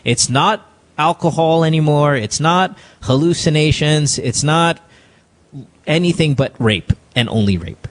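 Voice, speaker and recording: A man hosting an interview, asking probing, halting questions of his guest. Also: a little high, lively intonation. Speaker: interview host. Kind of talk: conversational interview.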